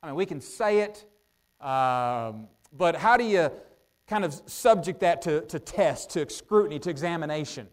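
High-voiced male preacher thinking aloud. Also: expressive. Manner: conversational, asks the audience rhetorical questions; thinks out loud with frequent "uh" pauses. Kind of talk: sermon.

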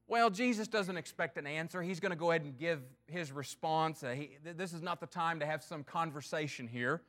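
A man preaching a sermon in an earnest, emphatic way, with his loudness and pace swinging as he makes each point. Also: high-pitched. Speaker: pastor.

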